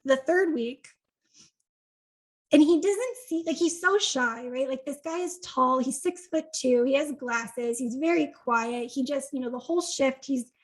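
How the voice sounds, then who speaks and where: Poor audio captures a high-pitched Connecticut woman guesting on a podcast. She tells a casual, chatty story, animatedly acting out quoted dialogue, with frequent "like"s and quick laughs.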